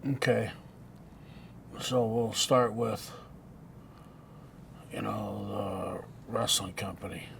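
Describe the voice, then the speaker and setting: A man being interviewed for a documentary, speaking bluntly and in a measured way. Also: fairly low pitch, creaky, fairly bright tone, a little hiss or hum.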